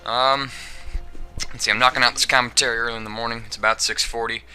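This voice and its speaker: A man's voice: medium pitch, flat delivery, fast, bright, forceful tone, faint music behind. A young man giving casual, rambling gameplay commentary, joking and giggling as he goes. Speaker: gaming commentator.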